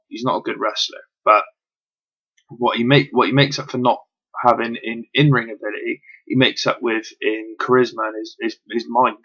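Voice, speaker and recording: A man's voice: mid-range voice, bright, forceful tone, muffled recording. A man reviewing wrestling in casual, chatty speech, full of ums and the odd swear word.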